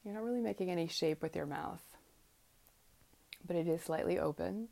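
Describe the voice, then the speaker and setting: A woman teaching mantra pronunciation in a slow, guided lesson, patiently demonstrating each vowel and consonant aloud. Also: fairly low pitch, vocal fry, a little mellow.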